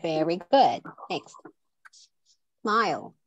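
A woman teaching English online, slowly modelling sounds and words for her class to repeat. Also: fairly low pitch, big pitch swings, dry recording, highs cut off. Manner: slow, clearly modelling each sound and word for repetition. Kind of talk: online pronunciation drill.

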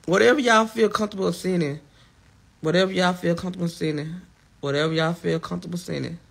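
A man's voice: high-pitched, fairly even intonation, fast talker, gravelly, fairly bright tone. A young man talking to his viewers on a livestream, upset and defensive, his voice strained and tearful. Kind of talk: emotional livestream chat.

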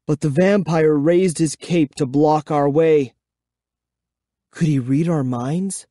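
A man reading a children's horror book aloud, giving expressive, measured first-person storytelling. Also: fairly high pitch, no echo, clean studio sound. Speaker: audiobook reader. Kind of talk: dramatic audiobook narration.

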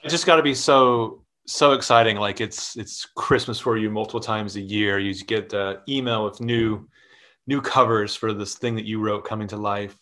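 A man's voice: lowish voice, fairly even intonation, moderate pace, pushed and bright. A man hosting a library author visit over a video call, enthusiastic and eager, with loose fillers. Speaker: library host.

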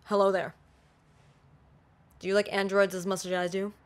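A woman's voice: mid-range voice, little pitch movement, fast. A woman YouTuber flubbing her video intros, giggling and exclaiming as she restarts her lines. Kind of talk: blooper reel of vlog intros.

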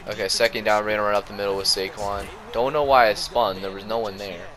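A young man with a sore throat giving slangy, excitable commentary over his own old football video game match. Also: fairly low pitch, brisk. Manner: excitable, slangy, jumps between play-by-play and rants. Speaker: gaming YouTuber. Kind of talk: gameplay commentary.

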